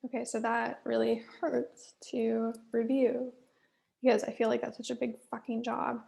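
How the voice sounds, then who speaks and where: Reviewing her own work in a candid solo check-in, a stressed, angry woman swears and talks in halting spurts, occasionally muttering in a whisper. Her fairly high voice stays level in tone and has a creaky, mellow quality.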